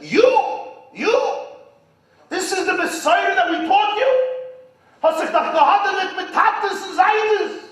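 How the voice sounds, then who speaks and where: A man putting on the voice of scornful pious men, shouting and mocking and mixing in Yiddish. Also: extremely high pitch, expressive, takes it slowly, pitched above the performer's own voice, heavily acted. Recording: echoey hall from far off.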